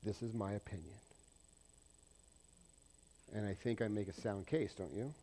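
At a measured pace and in a lowish voice, this pastor moves back and forth between excited, loud declarations and quiet, confiding asides. His sermon often turns to questions for the congregation.

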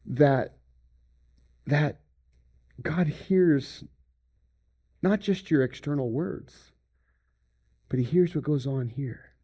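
Animated preacher man with sudden hushes. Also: on the high side, husky. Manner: animated preaching, swinging between loud emphasis and hushed near-whispers. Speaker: pastor. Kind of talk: sermon.

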